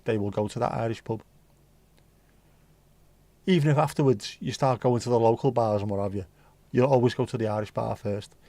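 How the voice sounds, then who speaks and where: A livestream host chats casually, rambling as he reads out viewer comments and letting the odd swear slip. His voice is medium-pitched and dark, with no room sound.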